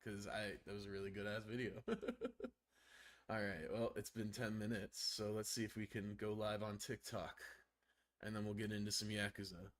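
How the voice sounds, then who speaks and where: A man with a gravelly voice and a strained throat, casually talking through a game stream. He chats freely, swears often and laughs a lot. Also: on the low side, normal speed. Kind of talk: casual gameplay commentary.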